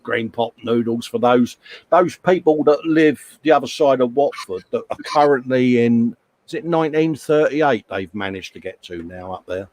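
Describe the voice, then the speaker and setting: A man's voice: mid-range voice, moderate pace, darkish tone, no echo. A man, co-hosting a live stream and chatting casually while reading viewer comments aloud. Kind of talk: casual banter.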